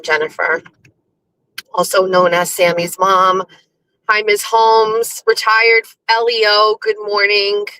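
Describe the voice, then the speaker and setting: A woman's voice: mid-range voice, pushed and bright, low-quality recording. A woman hosting a morning show, chatty and self-mocking, greeting viewers by name with lots of fillers. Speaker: host.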